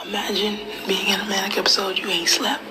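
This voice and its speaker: A young woman ranting casually and profanely, often dropping into a half-whisper, with loud mocking outbursts. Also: medium pitch, level tone, fairly quick, noisy background. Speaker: comedian and internet personality. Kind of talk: casual confessional rant.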